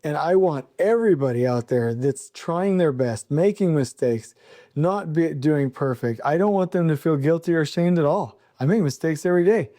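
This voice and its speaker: Male podcast host, fiery blunt ranter, slightly high but mellow voice, dry close recording. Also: lively intonation, normal speed, no echo. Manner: fiery, blunt and emphatic, hammering repeated phrases. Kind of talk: passionate solo podcast rant.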